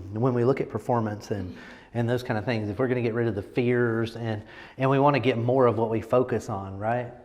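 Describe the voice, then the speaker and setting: A man's voice: mid-range voice, fairly even intonation, moderate pace, big-room sound. A man coaching a group on presentation, talking casually and emphatically and often checking in with "right?". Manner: emphatic, repeats words, lots of "right?". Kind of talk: casual teaching talk.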